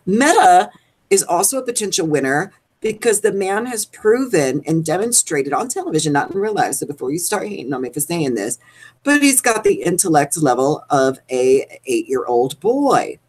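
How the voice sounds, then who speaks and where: Woman, deep for her sex, animated, gossipy co-host ranting on a live show. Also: moderate pace. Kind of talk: casual chat.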